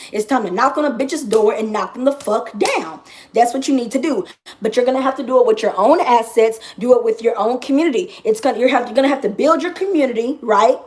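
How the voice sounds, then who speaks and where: A woman astrologer talking in a casual vlog monologue, brash and profane, and she repeats phrases for emphasis. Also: a little high.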